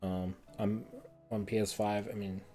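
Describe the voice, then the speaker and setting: A man's voice: fairly low pitch, level tone, measured pace, mellow, soft background music. A man streaming a heated game review, ranting and swearing often, repeating words in frustration.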